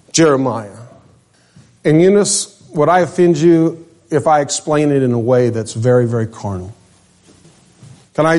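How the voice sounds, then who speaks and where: Older male preacher, slightly high voice, conversational sermon delivery that speaks to the pews. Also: a little mellow. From Central California. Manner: conversational preaching, addresses listeners by name.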